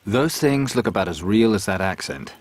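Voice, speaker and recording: An actor playing a blunt, impatient pirate captain in a video game. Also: male voice, lowish voice, lively intonation, normal speed. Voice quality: curt, dry-witted.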